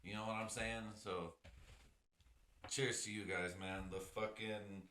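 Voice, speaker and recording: A man's voice: fairly low pitch, fairly even intonation, measured pace, pushed and bright, reverberant, a little hiss or hum. A man hosting a casual solo podcast, rambling and joking with lots of profanity while he drinks whiskey. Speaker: podcast host.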